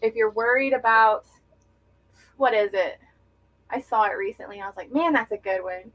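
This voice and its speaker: A woman's voice: fairly high pitch, normal speed, fairly bright tone, poor audio. Earnest young woman, reflective, full of fillers. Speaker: podcast guest. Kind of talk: candid conversational interview.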